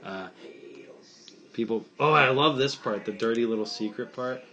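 A man hosting a casual podcast chat, animated and swearing as he rants. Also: mid-range voice, normal speed, dull audio. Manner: animated, profane ranting. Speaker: podcast host.

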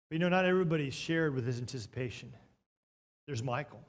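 A man preaching a storytelling sermon, swinging between loud bursts and hushed moments, with joking asides to the congregation. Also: mid-range voice, fast.

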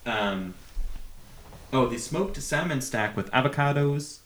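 A man's voice: medium pitch, expressive, fairly quick, fairly bright tone. A man hosting a podcast in casual chat, joking around and tripping over long menu names as he runs a quiz game. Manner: jokey, stumbles over long dish names. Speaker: podcast host.

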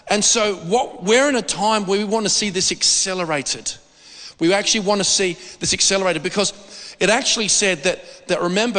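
A male pastor delivers a rambling sermon in a high, bright, forceful voice, switching into the voices of those he quotes. A long reverb from the large hall trails after each phrase.

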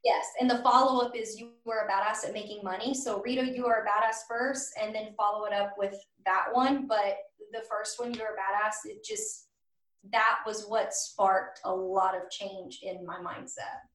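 A young adult woman, an anxiety coach guesting on a podcast, talking in an energetic, chatty way. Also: medium pitch, moderate pace. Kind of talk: casual podcast interview. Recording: echoey and distant from the mic.

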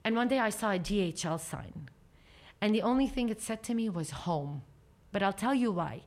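Animated woman telling her life story. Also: medium pitch, fairly quick. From grew up between Florida and Lebanon. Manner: animated, acts out quoted voices, mixes in Arabic phrases. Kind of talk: casual storytelling in a podcast conversation.

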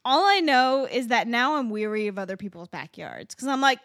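A woman's voice: fairly high pitch, very animated, moderate pace, fairly bright tone. A woman co-hosting a podcast in casual chat, blunt, swearing and laughing often. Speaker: podcast co-host.

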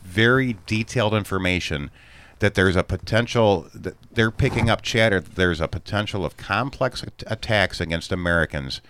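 Deep-voiced man in halting casual chat. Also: fairly bright tone, clear, resonant tone. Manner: halting, repeats words, unhurried.

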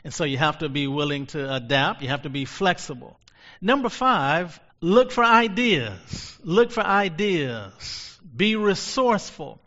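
A man's voice: fairly high pitch, animated, measured pace, fairly bright tone. A male pastor preaching a sermon in a fervent way, repeating phrases for emphasis, recorded in a large church. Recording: long hall reverb, dull lo-fi sound.

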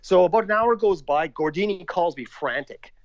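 A man, a musician and podcast guest, telling a story in a casual, animated way and slipping into voices for the people he quotes. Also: high voice, dry recording. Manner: animated, acts out other people's lines in quick changing voices. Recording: dry, slightly dull lo-fi sound.

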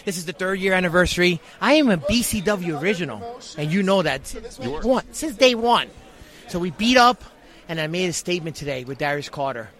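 A man cutting a wrestling promo in an interview, fired up and emotional, shouting and repeating himself. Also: sits high, lively intonation, fast talker. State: hurting, emotional. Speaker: pro wrestler.

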